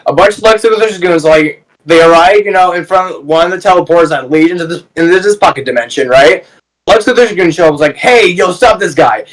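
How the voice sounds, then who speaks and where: High-voiced young man, rambling. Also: fast talker, distant mic, low-quality recording. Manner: rambling, swears a lot, acts out characters. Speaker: movie review co-host. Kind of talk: casual chat.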